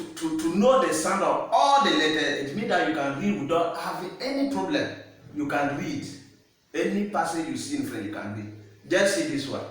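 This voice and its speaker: Man, French teacher, patient, repeats himself, slightly high voice, very echoey. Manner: patient, repeats words, checks understanding. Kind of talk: slow classroom-style teaching. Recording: echoey room, distant mic.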